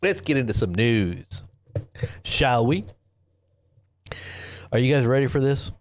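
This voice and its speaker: Rambling through casual livestream commentary, a male host jokes around and keeps interrupting himself. He speaks slowly in a sing-song, mid-range voice. The audio is dry and close, with no echo.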